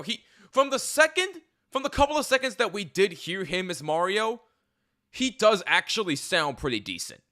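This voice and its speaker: A man hosting a podcast, giving an excited live reaction, laughing often and restarting his sentences. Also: high-pitched. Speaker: podcast host reacting to a trailer.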